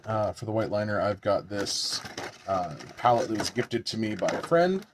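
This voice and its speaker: A man's voice: fairly low pitch, sing-song, moderate pace, background noise. A man chatting casually at home while doing his makeup on a live stream, joking about himself and swearing now and then.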